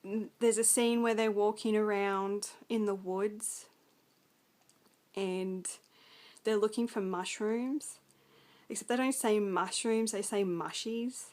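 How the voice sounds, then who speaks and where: A woman's voice: medium pitch, fairly even intonation, takes it slowly, a little mellow. A young Australian woman with an Australian accent, rambling through a casual film review full of ums and likes.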